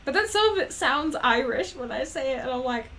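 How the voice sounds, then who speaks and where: A woman's voice: sits high, animated, fairly quick, fairly bright tone, a little hiss or hum. A woman rambling in casual chat, giggly and self-deprecating. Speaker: animator and vlogger.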